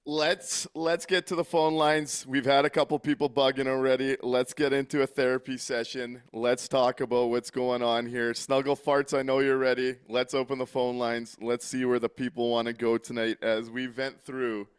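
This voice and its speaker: A man's voice: medium pitch, flat delivery, normal speed, hardly any pauses, clear, resonant tone. Blunt, exasperated male sports-show host. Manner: blunt and exasperated, swears freely. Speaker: co-host of a call-in hockey post-game show. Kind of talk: casual chat.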